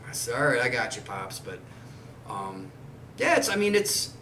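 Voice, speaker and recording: A man's voice: medium pitch, big pitch swings, normal speed, sharp tone, a little hiss or hum. Blunt swearing man in a roomy space. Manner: blunt, swears a lot, loose rambling talk. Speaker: podcast host. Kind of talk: casual chat. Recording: roomy and distant with faint ambience.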